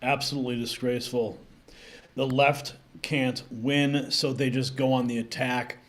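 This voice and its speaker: A man's voice: mid-range voice, flat delivery, unhurried. A man hosting online political commentary, indignant and sarcastic as he introduces clips.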